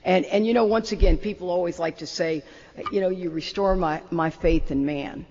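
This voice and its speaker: An older woman, an animated and self-deprecating storyteller, telling a long personal story as the opening speaker of a talk. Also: on the low side, moderate pace, slight background noise. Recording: muffled roomy hall.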